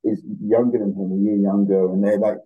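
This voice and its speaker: A man's voice: lowish voice, level tone, fairly quick, phone-quality sound. A young adult man, an actor guest, chatting casually and reflectively in an interview with some hesitations.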